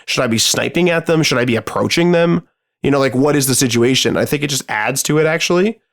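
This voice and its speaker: A man's voice: mid-range voice, fast. A man co-hosting a podcast, telling a gaming story in casual chat, swearing freely and rambling with lots of fillers. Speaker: podcast co-host.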